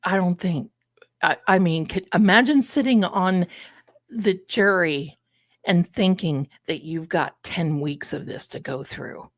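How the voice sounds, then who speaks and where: An older woman hosts a live tarot and commentary stream, chatting loosely and wandering off into personal stories. Her voice is on the low side and unhurried, and there is no room sound.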